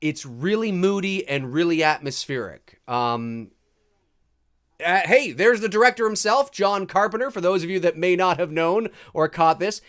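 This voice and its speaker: A man's voice: high voice, animated, normal speed, fairly bright tone, clear, resonant tone. A man hosting a live movie commentary stream, chatting casually and reading viewer comments aloud. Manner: casual, chatty, restarts and fillers, reads chat aloud.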